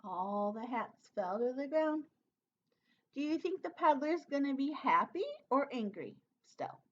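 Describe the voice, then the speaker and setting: A woman teacher reading a picture book aloud to children, pausing to ask them questions and prompt them to act along. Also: sits high, sing-song, fairly bright tone, muffled recording, slight background noise. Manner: interactive, asks children questions. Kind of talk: storybook read-aloud for children.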